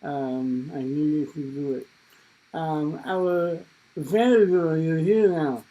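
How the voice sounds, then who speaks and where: A man hosts an online magic show, praising each act and bringing on the next. He talks slowly in a mellow, slightly raised voice. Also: a little high, low-quality recording. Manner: encouraging, introduces performers. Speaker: show host. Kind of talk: hosting a virtual magic show. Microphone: video call.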